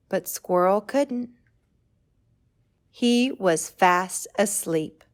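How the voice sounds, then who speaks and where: Woman slowly reading a children's story. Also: on the high side, expressive. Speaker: children's librarian.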